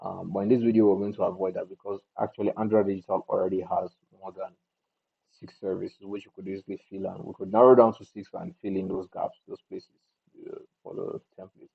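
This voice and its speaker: A man's voice: low-pitched, little pitch movement, brisk, vocal fry, slightly rough. A man casually walking through a video editing tutorial, thinking aloud as he goes and restarting his sentences. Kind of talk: casual screen-recorded tutorial. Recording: tinny phone-like audio.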